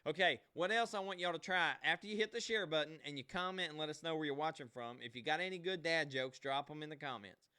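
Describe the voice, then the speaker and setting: A man's voice: fairly high pitch, fast talker, few pauses, bright, forceful tone, clear, resonant tone. A man hosting a live online show alone, chatting casually and folksily straight to his viewers. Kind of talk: casual livestream chat.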